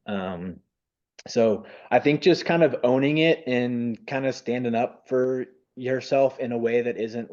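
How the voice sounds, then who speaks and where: A man's voice: mid-range voice, darkish tone, lo-fi sound. A man who stutters, speaking as a webinar panelist in a casual panel discussion over a video call. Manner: stutters, with repeated sounds and restarts.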